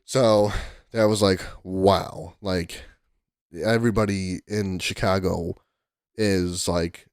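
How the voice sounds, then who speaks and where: Low, gravelly young man rambling excitedly. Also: no room sound, clean studio sound. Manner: rambling, excitable, heavy use of "like" and restarts. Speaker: vlogger. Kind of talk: casual storytelling to camera.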